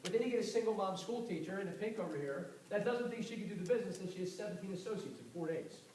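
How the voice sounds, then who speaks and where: Fast high-voiced man pumping up a crowd. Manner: fast, animated, confrontational storytelling. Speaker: network marketing speaker. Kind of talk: motivational talk to a live audience. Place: event hall with audience. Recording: echoey room, far mic, audible noise.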